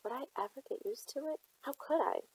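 A woman reading a novel aloud, telling the story in a measured first-person way. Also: high-pitched, a little mellow, rough recording. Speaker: audiobook reader.

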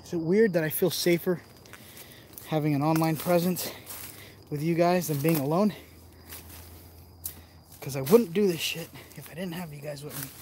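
A man's voice: fairly high pitch, normal speed, long pauses, a little mellow, a little hiss or hum. A man vlogging while he explores outdoors, joking around and talking straight to his viewers as he films on a handheld phone. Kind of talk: casual vlog commentary while exploring. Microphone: handheld phone camera.

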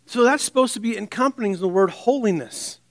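A man preaching a sermon in a conversational way, with wry asides and restarts, dropping to a soft, low voice on scripture. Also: brisk, no room sound.

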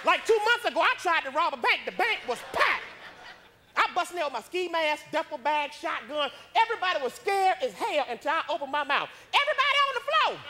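A male stand-up comedian with an unusually high voice, doing a brash, profane, self-mocking routine on a comedy club stage. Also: expressive, a little fast, sharp tone, a little hiss or hum.

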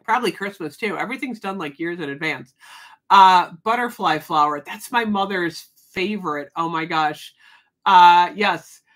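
Hosting a casual livestream, a woman chats and answers viewer comments, laughing often. Her voice is fairly low-pitched and a bit bright, at a normal speed.

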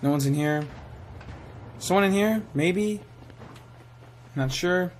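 A young man giving live commentary while playing a shooter game, excitable and swearing, sometimes saying he is tired. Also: high voice, slow, slight background noise. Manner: excitable, swears, yells at kills. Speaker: gaming streamer.

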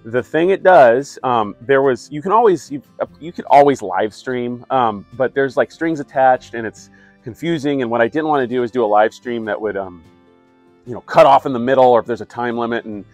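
A man's voice: mid-range voice, fairly quick, darkish tone, dry recording, soft background music. A middle-aged man, a wastewater plant operator, chatting casually to his viewers with many fillers and wry asides. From California. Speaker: wastewater operator and YouTube host. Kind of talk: casual talk to camera.

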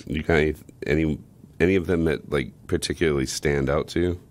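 A man's voice: extremely low pitch, fairly even intonation, a little fast. A man co-hosting a podcast in casual chat, crude and teasing, laughing often. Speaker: podcast co-host.

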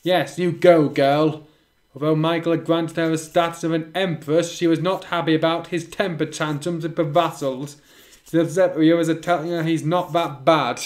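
Here a man with a slightly high voice and little pitch movement reads a fan story at a moderate pace. He plays reader and critic at once, cutting in with wry, sarcastic jabs at the writing.

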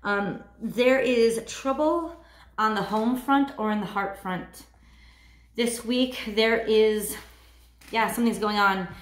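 A woman doing a weekly tarot card reading, talking in a halting way and searching for her words. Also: on the high side, reverberant. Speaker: tarot reader.

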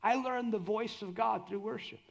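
A middle-aged preacher gives a sermon at a church conference, his high-pitched voice carrying a gravelly fry. His moderate-paced delivery is lively, though he turns quiet and low while acting out prayers.

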